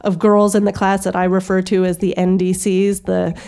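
A woman's voice: medium pitch, moderate pace, vocal fry, clean tone. A woman in her thirties telling a story as a podcast guest, acting out the voices of the people in it. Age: 30s. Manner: lively, acts out voices of classmates.

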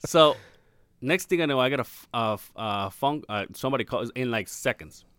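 A man's voice: medium pitch, animated, fairly quick, fairly bright tone, clear, resonant tone, no echo. A man telling a story in casual podcast chat, swearing freely and acting out the voices of the people he quotes. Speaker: podcast guest. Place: podcast recording room.

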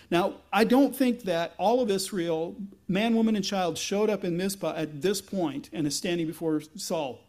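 Male pastor, high voice, casual wry sermon delivery, animated scripture reading.

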